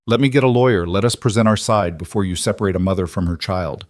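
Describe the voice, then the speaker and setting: A man's voice: low-pitched, steady tone, quick pace, no room sound, clean studio sound, lightly acted. A man voicing a protective widowed cowboy who speaks in a heated, accusing way. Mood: urging.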